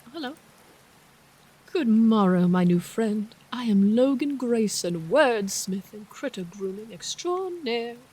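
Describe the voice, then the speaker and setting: A woman's voice: on the high side, lively intonation, a little slow, a little mellow, husky. A woman voicing Logan Grayson, a pompous male animal wordsmith who speaks in grand, flowery phrases. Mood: grandiose. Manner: grandiose, theatrical.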